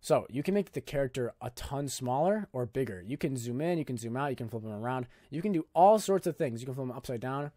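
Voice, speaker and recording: A man's voice: medium pitch, animated, fast, few pauses, mellow, no room sound, studio quality. A young man hosting a casual screen-recorded video editing tutorial, talking in a loose, jokey, filler-heavy way. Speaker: YouTube tutorial host.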